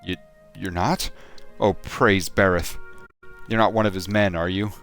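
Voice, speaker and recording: A man's voice: low voice, steady tone, measured pace, fairly bright tone, soft background music. A man voicing a terrified, beaten man who frantically pleads for help while reading a game aloud. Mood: pleading.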